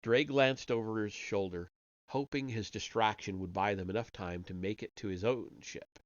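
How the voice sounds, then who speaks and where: Reading at a moderate pace in a fairly low voice, a man shares a story on a live stream through a dull, lo-fi home mic in a dry recording. His character voices stay light, and he has occasional slips that he goes back and corrects.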